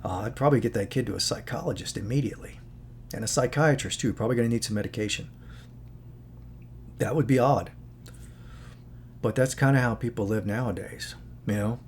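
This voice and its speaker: Male host, casual moralizing commentary, mid pitch, rambling asides, slight background hum. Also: brisk, pauses often, darkish tone. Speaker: channel host.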